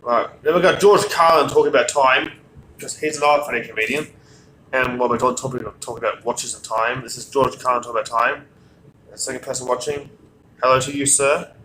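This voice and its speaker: A man's voice: mid-range voice, steady tone, fairly quick, sharp tone, slight background noise, low-quality recording. A man hosting a live stream, talking casually in an offhand, distracted way while he makes tea. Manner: offhand, distracted, talks while doing chores. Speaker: stream host.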